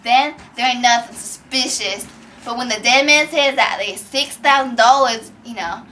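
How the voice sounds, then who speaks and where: A woman's voice: fairly high pitch, moderate pace, bright, forceful tone, a little hiss or hum. A girl playing a pompous old swindler. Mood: scheming. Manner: folksy, pompous speechifying. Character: greedy old male con man posing as a grieving brother. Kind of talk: amateur drama reading.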